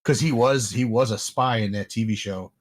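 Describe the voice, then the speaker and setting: A man's voice: lowish voice, moderate pace. A man co-hosting a casual podcast chat, rambling with many fillers and restarts. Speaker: podcast co-host.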